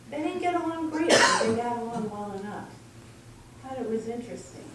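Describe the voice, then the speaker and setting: A middle-aged woman giving a personal spiritual talk, telling stories and acting out dialogue. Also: a little high. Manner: storytelling, acts out dialogue. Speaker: spiritual speaker. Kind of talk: sermon-style personal talk. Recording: echoey room from far off, faint noise.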